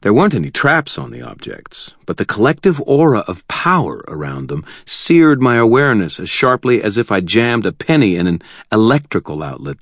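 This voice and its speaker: A man's voice: lowish voice, sing-song, normal speed, few pauses, no echo. A man narrating a first-person fantasy audiobook in a wry, vivid manner with tense pacing, on a close studio mic.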